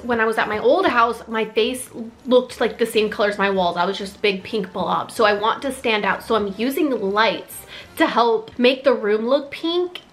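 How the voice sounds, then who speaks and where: A woman vlogger giving an excitable, chatty tour of her own home. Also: a little high. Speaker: lifestyle vlogger. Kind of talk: casual home tour vlog.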